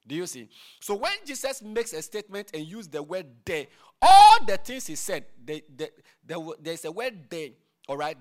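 A male preacher with a slightly high voice delivers a sermon in an emphatic, repetitive style. He keeps asking his listeners "all right?" and "do you see?" as he explains each point. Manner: repeats phrases, asks the audience "all right?"; builds from quiet prayer to loud emphatic preaching.

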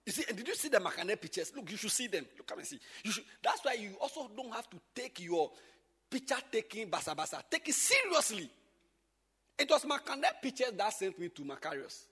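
A man, a pastor teaching a church group informally, swinging from loud exclamations to quiet asides. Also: high voice, very animated, brisk, breathy edge, long reverb tail.

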